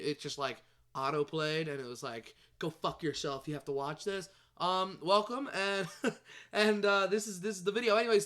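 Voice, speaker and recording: A man vlogging about movies in casual chat, excitable and rambling, swearing and tripping over his words. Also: high voice.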